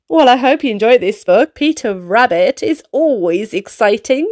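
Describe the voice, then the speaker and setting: A woman reading picture books aloud to children in an animated, sing-song way. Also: fairly high pitch, moderate pace, few pauses, dry recording, clean studio sound. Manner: animated, sing-song, playful sound effects. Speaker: storyteller. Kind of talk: picture-book read-aloud for kids.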